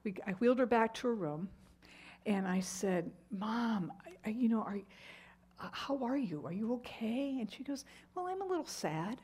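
A woman's voice: a little high, normal speed, warm tone, breathy edge. A middle-aged woman teaching a Bible lesson, telling a personal story in a conversational way with fillers and asides.

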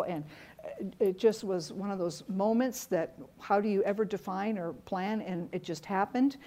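A woman's voice: mid-range voice, a little mellow. Earnest woman teaching a church class. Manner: earnest, storytelling, repeats key words for emphasis. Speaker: Bible teacher.

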